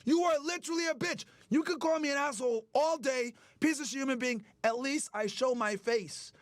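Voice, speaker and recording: High-voiced man ranting, dry close mic. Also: a little fast, no room sound. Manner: profane, heated, mocking. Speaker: streamer host. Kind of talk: angry ranting commentary.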